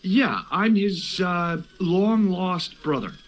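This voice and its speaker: A man's voice: high-pitched, expressive, slow, poor audio. An actor voicing a joking young American man, the hero of a video game, with an American accent. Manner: dry and joking.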